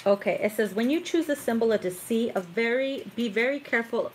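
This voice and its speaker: A woman's voice: a little high, a little fast, few pauses. Chatty woman tarot reader, giggly, swears freely, slight background hiss. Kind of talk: casual live tarot reading. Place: home tarot room.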